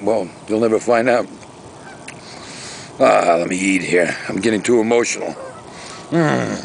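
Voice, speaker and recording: A man's voice: fairly low pitch, vocal fry, slight background noise, rough recording. A man talking casually to his camera outdoors by a lake, rambling and ranting in a chatty vlog. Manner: rambling, chatty, exaggerated rants. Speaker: vlogger.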